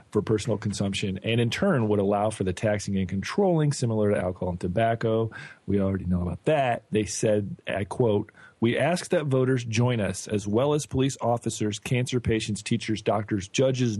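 A man co-hosting a podcast, reading news items in a relaxed, joking, rambling way. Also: fairly low pitch, husky, no room sound. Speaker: podcast co-host.

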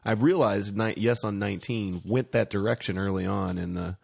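A man's voice: fairly low pitch, moderate pace, creaky, a little mellow, breathy edge, dry recording. A man co-hosting a podcast, talking in an opinionated, exasperated way with many fillers. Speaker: podcast co-host. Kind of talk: casual podcast chat.

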